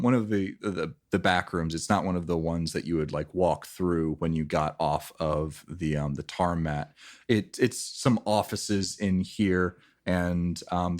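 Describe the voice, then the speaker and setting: A deep-voiced man narrates as the game master of a tabletop role-playing game. He rambles, packing in fillers and frequently restarting his sentences.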